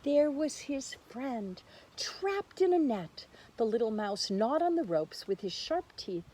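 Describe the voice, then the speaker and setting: A woman reading a picture book aloud for a church children's lesson, slow and expressive, with soft quiet asides. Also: fairly high pitch, slightly rough, poor audio.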